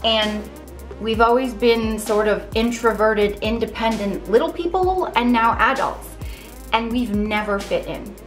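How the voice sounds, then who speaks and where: A young adult woman talking candidly to camera in a casual vlog, earnest and reflective. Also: a little high. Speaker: vlogger. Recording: echoey room with faint music.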